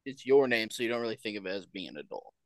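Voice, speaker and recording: A man's voice: on the low side, lively intonation, racing, no room sound, studio quality. A young man co-hosting a podcast, chatting casually and cracking jokes. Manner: playful, jumps in with jokes. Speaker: podcast co-host. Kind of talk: casual chat among friends.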